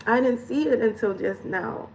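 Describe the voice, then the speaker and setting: A woman lifestyle coach speaking in a candid confessional vlog, with a voice pitched a little high. She is emotional and earnest, repeats lines for emphasis and laughs between phrases. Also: normal speed, distant mic, slight background noise, poor audio.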